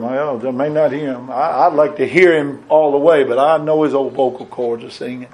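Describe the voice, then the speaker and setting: A man preaching a sermon, folksy and plain-spoken, rising to emphatic peaks and then dropping low and quiet. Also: fairly even intonation, moderate pace.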